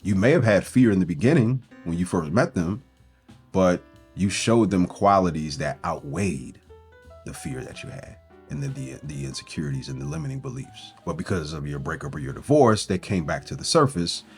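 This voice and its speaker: A man with a very deep, low voice talks as a breakup coach, earnest and encouraging, and drives his points home with one rhetorical question after another. Soft guitar music plays faintly underneath. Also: big pitch swings, moderate pace, vocal fry. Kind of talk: motivational self-help talk.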